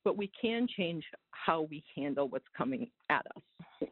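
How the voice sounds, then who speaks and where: A man's voice: fairly high pitch, lively intonation, unhurried, dry recording. A man on a webinar panel, sharing advice in a reflective way. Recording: tinny phone-like line.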